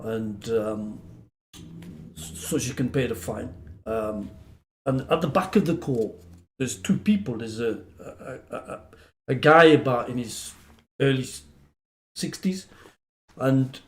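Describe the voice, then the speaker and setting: A middle-aged man from England, a lawyer guest on a podcast, telling funny anecdotes with a laugh and lively quoted voices. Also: mid-range voice, takes it slowly, long pauses, roomy sound.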